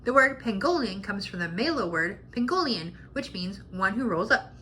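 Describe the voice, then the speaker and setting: A woman reading a children's picture book aloud in a clear, cheerful way, sharing animal facts. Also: mid-range voice, animated, moderate pace, pushed and bright, a little hiss or hum.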